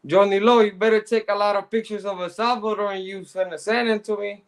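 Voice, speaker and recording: A middle-aged man hosting a live show, chatting casually in street slang and giving shout-outs to viewers. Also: high voice, fairly even intonation, brisk. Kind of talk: casual chat, reading out viewer comments.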